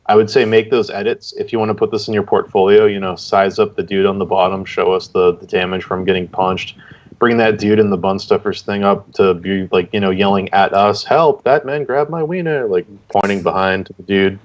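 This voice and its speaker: A man's voice: low voice, flat delivery, brisk. A man acting as guest judge, giving casual, rambling critique of comic entries on a livestream over a video call. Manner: rambling, filler-heavy feedback. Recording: dull lo-fi stream audio.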